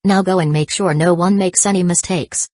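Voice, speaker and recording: A woman's voice: lowish voice, fairly even intonation, moderate pace, a little mellow, no echo, natural voice. A woman voicing a grumpy, menacing old male spymaster in an audiobook. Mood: commanding.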